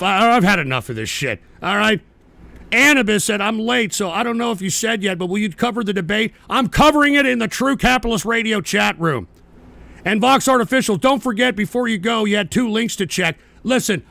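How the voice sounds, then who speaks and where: A man's voice: high-pitched, big pitch swings, normal speed, gravelly, sharp tone, no echo. A man hosting a live-stream show, reading chat messages and answering them with profane, combative rants. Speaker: livestream radio host.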